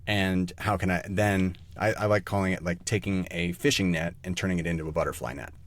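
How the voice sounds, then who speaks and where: A man talking as a guest on a podcast, animated and casual, swearing freely and restarting sentences as he thinks. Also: low-pitched, fairly quick. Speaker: guest voice actor.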